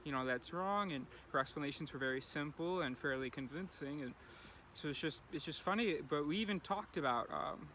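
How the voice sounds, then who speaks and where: Male vlogger, casual musing delivery, bright tone, light street noise. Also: a little high, a little fast. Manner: rambling, thinking aloud with many fillers. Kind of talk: casual daily video diary.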